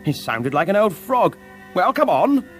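A man's voice: sits high, sing-song, unhurried, soft background music. A man playing a jovial, lazy Victorian lord. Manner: jovial, posh drawl. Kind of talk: audiobook drama acting.

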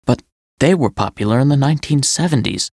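A man doing a hushed, nervous teenage boy. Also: mid-range voice, lively intonation, fairly quick, dry recording, studio quality. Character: anxious teenage boy with his dog. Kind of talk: audiobook character voice.

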